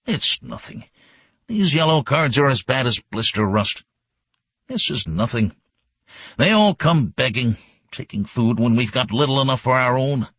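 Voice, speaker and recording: A man's voice: mid-range voice, lively intonation, unhurried, fairly bright tone, slightly rough, dry recording, lo-fi sound, voice pushed up, full character voice. Man doing a sneering cruel street enforcer. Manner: sneering, contemptuous.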